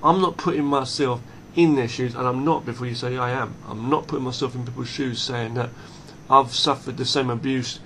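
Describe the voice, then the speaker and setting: Man, mid pitch, blunt, swearing, faint background hiss. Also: steady tone, brisk, few pauses. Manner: blunt, emphatic, swears freely; repeats and restarts phrases. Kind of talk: unscripted monologue.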